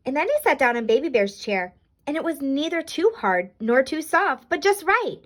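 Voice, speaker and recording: A woman reading a children's storybook aloud in an expressive, animated way. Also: high-pitched, normal speed.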